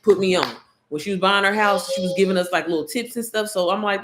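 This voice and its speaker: A woman's voice: medium pitch, fast talker, a little hiss or hum. A woman YouTuber telling a story to her viewers, candid and slangy, swearing freely and calling them y'all.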